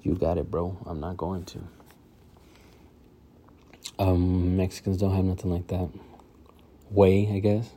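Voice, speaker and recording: Man, low pitch, mellow tone, casual solo podcast host, rambling, filler-heavy. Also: a little hiss or hum. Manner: rambling, loose, many fillers and restarts.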